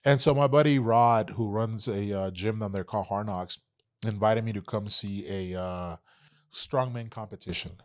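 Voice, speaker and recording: A Texan man in his thirties, with a lowish voice at normal speed, tells stories as a guest in a casual podcast interview. He's animated, swears heavily, and acts out the exchanges people had.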